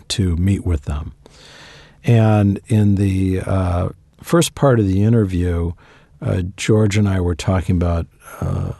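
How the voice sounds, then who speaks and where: Low gravelly man telling stories. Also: dark tone, dry recording. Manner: anecdotal, conversational, emphatic asides. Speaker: guest author. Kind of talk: interview storytelling.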